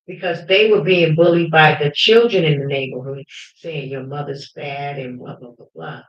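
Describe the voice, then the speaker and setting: Woman host, fervent and emphatic storyteller who breaks into shouting; muffled lo-fi sound. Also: deep voice, normal speed, few pauses. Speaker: livestream host. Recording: roomy, dull lo-fi livestream audio.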